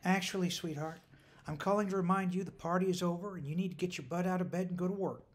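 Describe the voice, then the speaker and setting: A man's voice: high voice, animated, quick pace, pitched above the performer's own voice. A man voicing a prim, reproachful middle-aged mother in an audiobook. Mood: prim scolding.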